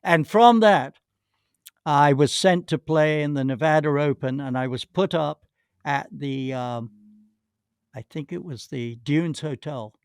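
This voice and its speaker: A man's voice: fairly high pitch, a little slow, clear, resonant tone, no room sound, studio quality. An older man, a podcast guest, telling long rambling anecdotes with many restarts and acted-out quotes. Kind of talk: anecdotal storytelling.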